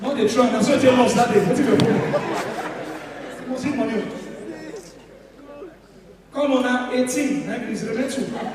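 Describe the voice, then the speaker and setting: A man with a Nigerian accent doing a loud, animated stand-up comedy routine and slipping into pidgin. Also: very high voice, moderate pace, pauses often, background noise. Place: large indoor comedy venue. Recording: echoey hall from far off, crowd.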